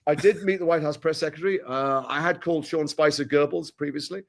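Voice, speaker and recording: A man's voice: on the high side, steady tone, a little fast, creaky. A middle-aged British man with an English accent, a guest actor speaking frankly in a live interview with wry asides. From Britain.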